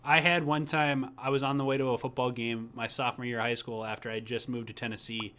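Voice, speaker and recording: A man's voice: medium pitch, level tone, fast, pushed and bright, clean tone. A young man from Minnesota co-hosting a casual chat, joking, laughing often and swearing offhandedly. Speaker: podcast co-host.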